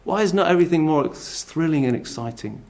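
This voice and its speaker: A man preaching a sermon in a conversational, animated way, full of rhetorical questions. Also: fairly high pitch, a little fast.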